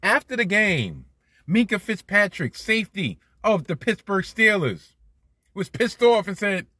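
Animated cursing man, husky dry voice. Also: sits high, a little slow, no echo. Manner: animated, swears freely, swings loud. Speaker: podcast host. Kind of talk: solo sports commentary podcast.

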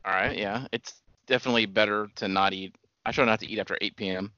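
A man's voice: on the low side, fairly even intonation, fast, sharp tone, highs cut off. A man co-hosting a casual podcast, teasing his friend and laughing a lot. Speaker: podcast co-host.

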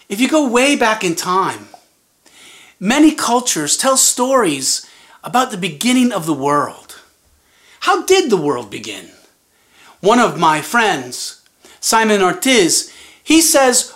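A woman hosting a storytelling show, narrating an old folktale gently and inviting listeners to sing along. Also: lowish voice, very animated, takes it slowly. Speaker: storyteller and podcast host. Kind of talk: slow spoken folktale narration.

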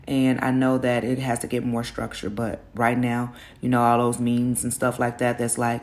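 A woman's voice: a bass voice, monotone, normal speed, a little mellow. A middle-aged woman hosting a casual solo podcast, talking candidly in slangy, self-encouraging speech, openly nervous, her voice groggy from the early morning. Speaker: podcast host.

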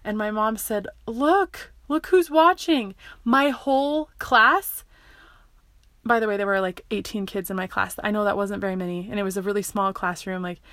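A woman tells a personal story in a loose, chatty way, circling back and correcting herself as she goes. Her voice sits at an ordinary middle pitch. The sound is close and dry, with no room echo. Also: little pitch movement, quick pace, few pauses, a bit bright. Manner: rambling, full of likes and restarts.

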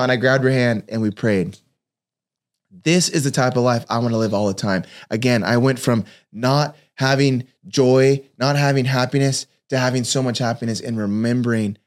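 A man's mid-range voice moves at a moderate pace through a personal devotional talk. A father, he recounts stories with earnest feeling and performs the voices of the people in them.

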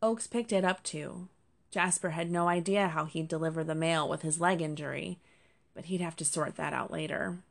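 A woman reads a storybook aloud in a lowish, gravelly voice. Her narration is expressive and measured.

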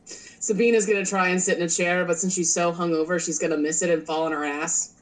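A woman's voice: fairly low pitch, fairly even intonation, a little fast, a little hiss or hum, low-quality recording. A woman playing a tabletop role-playing game, playfully describing what her character does. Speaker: player. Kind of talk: casual tabletop play.

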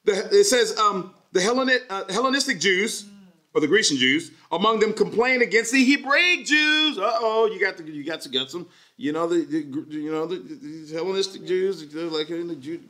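A man preaching an energetic sermon at a church service, joking and doing playful voices while the congregation answers him. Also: sits high, moderate pace. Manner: lively, jokey preaching with playful put-on voices. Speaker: pastor.

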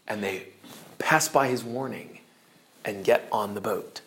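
A male teacher animatedly retelling a classic novel's story to his class, pausing to explain terms. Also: fairly low pitch, gravelly.

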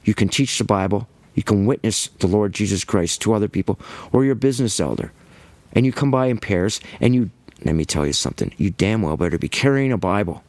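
A man giving an impassioned religious monologue, emphatic and ranting, with quick bursts and repeated words. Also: fairly low pitch, animated, a little mellow, dry recording. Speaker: Christian commentator.

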